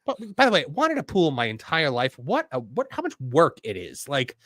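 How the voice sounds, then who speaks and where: Animated, bright-voiced male host. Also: on the high side, normal speed, no echo, clean studio sound. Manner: animated, chatty, self-deprecating. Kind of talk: casual podcast chat.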